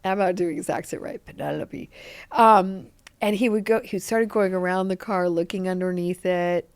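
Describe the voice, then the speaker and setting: A woman's voice: fairly low pitch, normal speed, clear, resonant tone. A woman, an actress guest on a podcast interview, chatting casually and acting out the lines of people in her stories. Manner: animated storyteller, acts out quotes.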